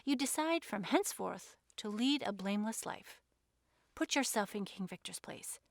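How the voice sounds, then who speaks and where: A woman voicing an unflappable, amused gentleman who talks lightly and teasingly. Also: mid-range voice, expressive, moderate pace, gravelly, no room sound, studio quality.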